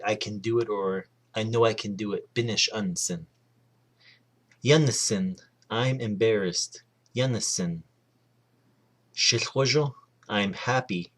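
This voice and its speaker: A man giving a casual spoken language lesson, saying each word slowly and deliberately and then repeating it. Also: lowish voice, fairly bright tone. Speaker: language teacher.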